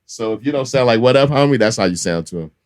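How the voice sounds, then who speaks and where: A man's voice: fairly low pitch, animated, fast. A man from Los Angeles co-hosting a podcast, chatting casually and teasing the others by mimicking slang voices. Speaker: podcast co-host. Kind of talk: casual chat.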